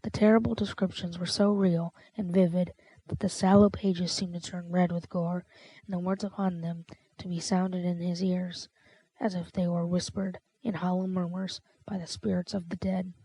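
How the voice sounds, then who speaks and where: Low, husky woman narrating a classic novel. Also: little pitch movement, moderate pace, mellow, no echo, low-quality recording. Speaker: audiobook narrator. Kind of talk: scripted narration.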